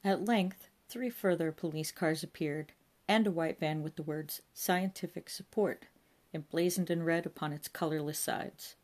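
A woman with a low voice reads a comic novel aloud as an audiobook. Her delivery is dry and wry. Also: steady tone, moderate pace, a little mellow. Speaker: narrator.

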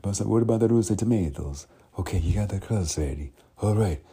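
A man voicing a bossy, excitable Italian chef giving loud, hurried orders in a kitchen. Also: on the low side, breathy edge, pitched above the performer's own voice, exaggerated voice.

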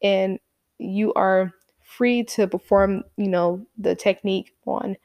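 A woman's voice: mid-range voice, steady tone, takes it slowly, vocal fry, no room sound, lo-fi sound. Woman quoting a patient, soothing instructor. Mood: reassuring. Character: calm reassuring male martial arts instructor.

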